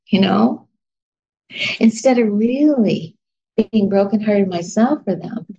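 Woman Bible study leader, unhurried and folksy, gravelly voice, dull lo-fi recording. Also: mid-range voice, expressive, dark tone. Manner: chatty, laughs at herself, searches notes aloud. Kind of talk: informal Bible lesson.

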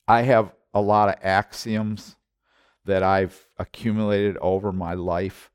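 Guy preaching, low voice, dry close sound, gets loud then goes quiet. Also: flat delivery, slow, clean tone, dry recording. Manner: impassioned, repetitive, swinging between loud and hushed. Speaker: pastor. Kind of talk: sermon.

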